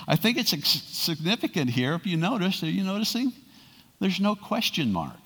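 A man's voice: high voice, big pitch swings, normal speed, fairly bright tone, husky. Man preaching in a reverberant hall. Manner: conversational preaching with rhetorical questions. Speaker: pastor. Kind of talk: sermon. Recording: long reverb of a large hall.

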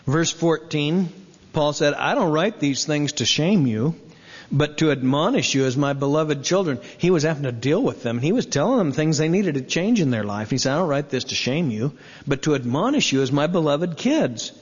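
A pastor preaching a sermon, emphatic, asking rhetorical questions and slowing down to dwell on scripture quotes. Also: male voice, on the high side, animated, slightly rough. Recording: reverberant, dull lo-fi sound.

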